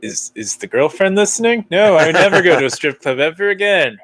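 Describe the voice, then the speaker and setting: A podcast co-host who teases his friend with crude jokes. His voice sits a little high for a man, and he talks in a relaxed, easygoing way. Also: a little fast, no echo. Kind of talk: casual chat.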